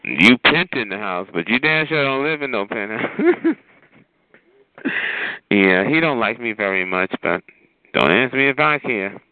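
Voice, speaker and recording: A man telling a sassy, animated story in casual chat, calling listeners honey and child. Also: medium pitch, measured pace, long pauses, dry recording. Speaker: chat line regular. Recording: tinny phone line.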